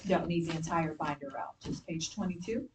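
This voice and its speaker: A woman's voice: low voice, fairly even intonation, moderate pace, distant mic, noisy background. A woman teacher giving a spelling lesson to young pupils, patient and directive, walking them step by step through each instruction. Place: classroom.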